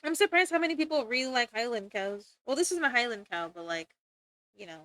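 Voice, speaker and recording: A woman's voice: a little high, expressive, fairly quick, pushed and bright, no room sound. A young woman streamer chatting casually while drawing, rambling and giggling, with casual swearing.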